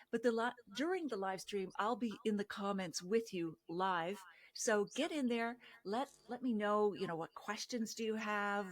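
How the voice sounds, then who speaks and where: A middle-aged woman hosting a wine podcast, introducing her guest and chatting with enthusiasm and frequent laughs. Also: medium pitch. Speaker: podcast host. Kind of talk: interview host intro and chat.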